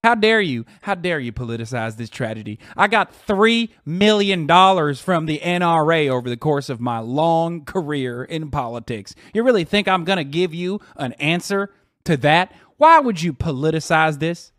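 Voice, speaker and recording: A man's voice: fairly high pitch, expressive, moderate pace, fairly bright tone, dry recording, clean studio sound. A man doing a sarcastic, profane impression of an indignant male politician dodging questions. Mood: mocking.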